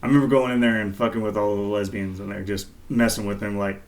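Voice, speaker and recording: A man co-hosting a podcast, telling stories in a relaxed, rambling way with lots of fillers. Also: lowish voice, quick pace, few pauses. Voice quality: laid-back, rambling with many fillers. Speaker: podcast co-host. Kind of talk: casual storytelling chat.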